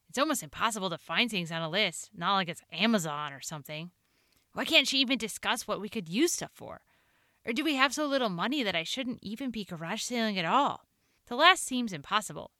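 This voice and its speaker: A woman author reading her own personal story aloud, earnest and expressive. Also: on the low side, no echo, studio quality. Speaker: author and show host.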